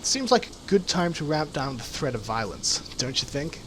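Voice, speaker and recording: A man's voice: on the high side, big pitch swings, normal speed, background noise. A man voicing a cold, mocking troll merc. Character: big male troll mercenary, cold smile. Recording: game music behind.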